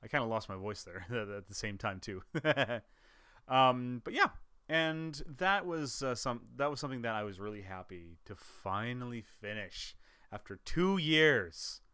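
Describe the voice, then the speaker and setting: A man's voice: medium pitch, normal speed, bright, forceful tone, clear, resonant tone, no echo, clean studio sound. A man, a gaming YouTuber, chatting casually to camera about his year, rambling with restarts and chuckles.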